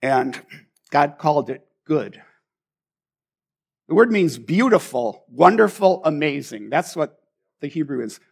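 A man's voice: on the high side, big pitch swings, unhurried, gravelly, long pauses, slightly rough. A man giving an informal, conversational sermon, earnest and often restarting his sentences. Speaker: preacher.

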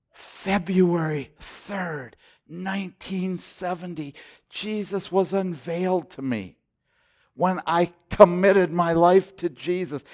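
A man in his sixties preaching a sermon as pastor, impassioned and swinging between loud exhortation and hushed intensity. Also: fairly high pitch.

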